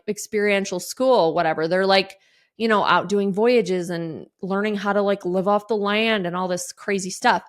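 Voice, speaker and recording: A woman's voice: medium pitch, a bit bright. A woman in her thirties or forties hosting a podcast, telling stories casually with lots of fillers and acting out what others said. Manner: chatty, lots of fillers and laughs, voices others' lines. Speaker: podcast host. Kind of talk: casual storytelling monologue.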